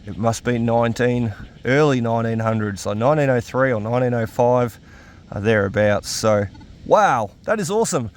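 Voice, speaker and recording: An excitable man, chatting away in casual vlog commentary. He is out on a farm, talking through his finds with a lot of enthusiasm and frequent exclamations. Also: medium pitch, normal speed. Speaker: metal detecting vlogger. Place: outdoors on a farm.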